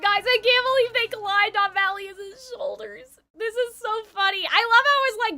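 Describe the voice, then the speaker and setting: A young woman streaming a game, reacting excitedly, laughing and swearing casually. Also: very high voice, normal speed, hardly any pauses, soft background music. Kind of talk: livestream game commentary.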